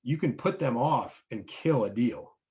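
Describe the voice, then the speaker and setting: A man's voice: medium pitch, animated, measured pace, darkish tone. A man teaching business owners about sales team roles, explaining in numbered steps and often checking in with "right?". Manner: coaching, often ends points with "right?". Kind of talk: instructional talk to business owners.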